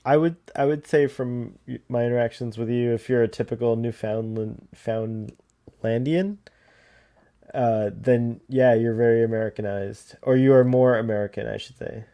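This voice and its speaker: A man's voice: mid-range voice, fairly even intonation, moderate pace, dark tone. A man chatting casually and joking while watching a movie with a friend. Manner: joking, laughs often. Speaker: co-host. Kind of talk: casual watch-along chat.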